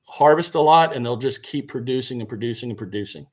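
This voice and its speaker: A man's voice: mid-range voice, quick pace, darkish tone. A man chatting casually on a gardening live stream, answering viewer questions and correcting himself as he goes. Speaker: gardening channel host. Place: indoors by a seed box.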